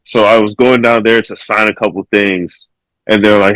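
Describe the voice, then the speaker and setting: A man's voice: fairly low pitch, fairly even intonation, normal speed, a bit bright, no echo, low-quality recording. Laid-back male podcast guest, dry sound. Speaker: guest, slap fighting champion. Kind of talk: casual chat.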